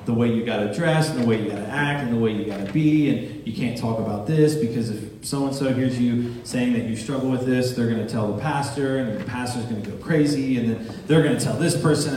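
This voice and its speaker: A man's voice: medium pitch, darkish tone, slight background noise. A man preaching a sermon as pastor, talking plainly with humor and building emphasis. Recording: echoey church hall from far off, with guitar.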